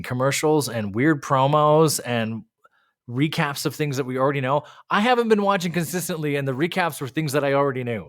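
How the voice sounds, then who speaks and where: A man co-hosting a wrestling review podcast, talking casually and ranting in an animated, exasperated way with bursts of laughter. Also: medium pitch. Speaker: podcast co-host.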